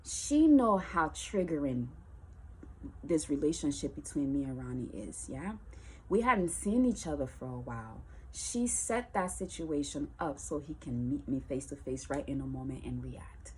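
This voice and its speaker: A woman musician telling a personal story in a casual, colloquial way, lively and acting out the voices of the people in it. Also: low voice, measured pace, slight background noise. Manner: animated, colloquial, acts out quoted voices.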